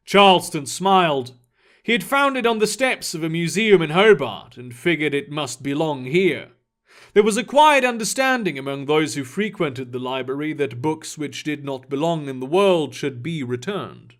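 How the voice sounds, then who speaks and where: A man reading a fantasy story aloud, his voice pitched high and his delivery steady and descriptive. He moves scene to scene at an even storyteller's pace. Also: normal speed. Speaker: story narrator. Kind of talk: audiobook storytelling.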